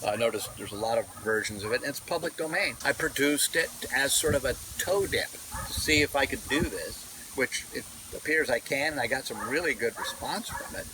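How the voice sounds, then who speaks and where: With lively intonation and few pauses, this man talks at a normal pace in a mid-range voice. He is vlogging casually outside, rambling and digressing with lots of fillers and restarts, using only his camera mic and no wireless one. Background noise is present; he's also an audiobook narrator.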